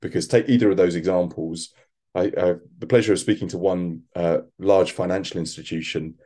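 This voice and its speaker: A man speaking as an expert guest in a conversational interview, thoughtful and halting, with frequent restarts. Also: deep voice, steady tone, dark tone, husky. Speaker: quantum computing expert guest.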